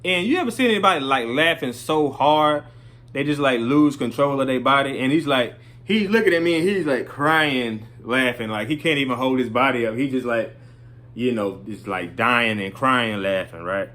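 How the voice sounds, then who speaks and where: A man's voice: medium pitch, moderate pace, fairly bright tone. A middle-aged man casually telling a story, rambling and often stopping to ask "right?" and "you know".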